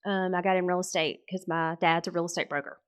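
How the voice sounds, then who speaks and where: A woman's voice: fairly low pitch, fast, smooth. A woman, telling stories in a casual interview with lots of laughter. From Mississippi. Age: 40s. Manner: laughing, lively storyteller. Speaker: podcast guest, real estate coach.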